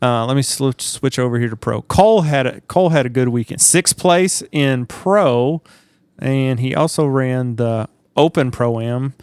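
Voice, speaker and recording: A man co-hosting a podcast, telling stories in a lively, animated way and acting out the people in them. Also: medium pitch, unhurried, clean tone, no echo. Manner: animated storyteller, acts out shouts and quotes. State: sleep deprived. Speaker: podcast co-host. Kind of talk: casual chat.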